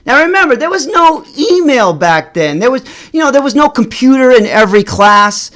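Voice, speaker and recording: Man telling a personal story, halting. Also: very high-pitched, sing-song, fairly bright tone. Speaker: vlogger.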